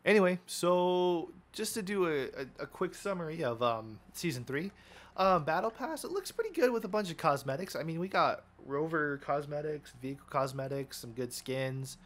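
A young man giving casual, excitable commentary over his own gameplay, swearing often and trash-talking opponents. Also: a little high, normal speed. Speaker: gaming YouTuber.

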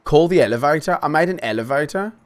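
A man's voice: a little high, lively intonation, fast. Guy, swearing his way through a game playthrough, chatty and jokey with viewers. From England. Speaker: gaming YouTuber. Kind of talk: casual let's-play commentary.

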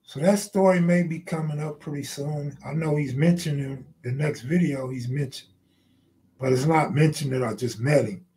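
A middle-aged man hosts a live stream, freestyling rambling anecdotes full of slang and cursing. He breaks off mid-story to answer viewers, and his voice sits a bit high for a man. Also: moderate pace, warm tone, a little hiss or hum.

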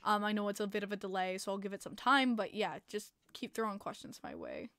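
A woman hosting a hockey podcast, chatting casually with viewers, excitable, swearing freely and laughing often. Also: medium pitch, fairly quick, no echo. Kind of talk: casual live-stream chat reading viewer comments. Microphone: plugged-in desk microphone.

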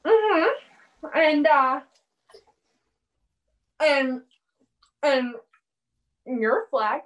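Woman doing a tipsy georgia girl, southern drawl, high voice swinging all over the place. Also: expressive, a bit bright, exaggerated voice, rough recording. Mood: belligerent. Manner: slow, slurred, drawn-out tipsy drawl. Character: drunk young woman from Georgia, prickly, slurring. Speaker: actor. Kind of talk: amateur drama over video call.

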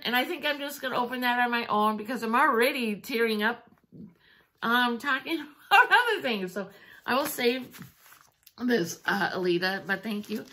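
Middle-aged woman, chatty home vlogger, bright higher voice, gushing and warmly emotional. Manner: chatty, gushing and easily moved, with many fillers. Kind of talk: casual chat.

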